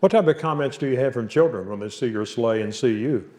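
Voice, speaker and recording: Man, mid-pitched voice, measured, even reading, host. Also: a faint crowd. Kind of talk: interview questions and reading aloud.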